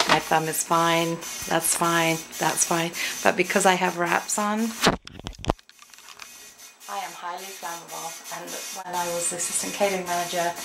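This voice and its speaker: A woman's voice: fairly low pitch, fairly even intonation, normal speed, gravelly, heavy background noise. A middle-aged English woman chatting casually to her viewers in a daily home vlog, rambling from one thing to the next. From England. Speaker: vlogger. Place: at home, indoors.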